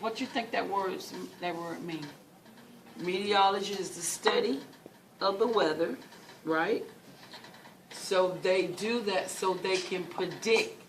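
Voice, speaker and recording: A teacher leading a classroom reading lesson, patiently repeating questions and key words for the students. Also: mid-range voice. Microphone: far from the mic. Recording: distant, noisy classroom recording.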